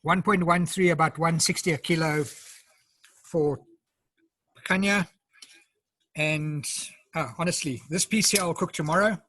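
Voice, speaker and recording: A high-pitched man with a South African accent walks viewers through his cooking, chatty and unhurried, taking bites as he talks. His voice carries a husky edge. It comes through a video call and sounds close and dry. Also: steady tone, bright, forceful tone, dry recording. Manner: chatty, explains step by step, eats while talking. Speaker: home cook presenting. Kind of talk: casual live cooking demo.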